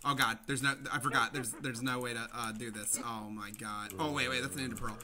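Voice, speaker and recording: A young man giving excitable let's-play commentary, talking to viewers, repeating himself and yelling when things go wrong. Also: mid-range voice, brisk, a little hiss or hum. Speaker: gaming channel host.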